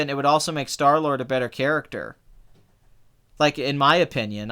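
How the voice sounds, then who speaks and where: A young man casually chatting as a film review podcast co-host, animated and quick to act out what people said. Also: clean tone. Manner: animated, mimics people in high excited bursts. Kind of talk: casual chat.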